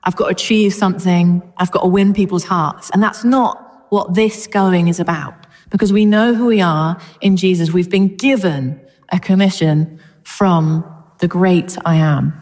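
A woman's voice: on the low side, steady tone, unhurried, darkish tone, big-room sound. A woman preaching a sermon in a church, chatty and informal with touches of humour. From Britain.

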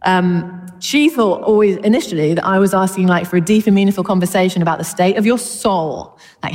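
A woman's voice: lowish voice, fairly quick, a little mellow, long reverb tail. A woman preaching a sermon in a church, chatty and informal with touches of humour. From Britain.

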